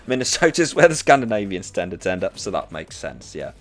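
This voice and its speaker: A man's voice: low voice, fairly bright tone. A Norwegian man who learned British English chats casually while gaming on stream, hesitant, with many fillers and restarts. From Norway. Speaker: streamer, teacher.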